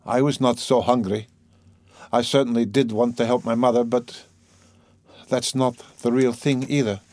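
A man's voice: little pitch movement, normal speed, a little mellow, no echo, lightly acted. A man voicing a weary, tormented young man. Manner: low, weary, muttering, reflective. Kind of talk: audiobook character voice.

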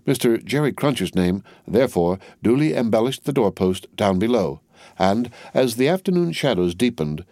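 A man reading a classic novel aloud as audiobook narrator, measured and expressive. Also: lowish voice, no room sound, studio quality.

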